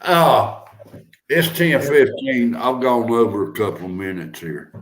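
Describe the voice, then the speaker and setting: A man's voice: mid-range voice, unhurried, a little hiss or hum. An older man chatting casually as a host, telling stories in a folksy, drawling way. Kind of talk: casual chat.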